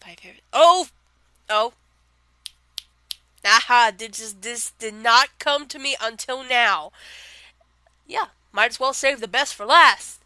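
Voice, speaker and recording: A woman's voice: on the high side, pushed and bright, clean tone, no room sound. A young woman with a Southern accent chatting casually on a vlog, rambling with lots of fillers and frequent giggles. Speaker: vlogger answering question tag. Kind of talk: casual chat.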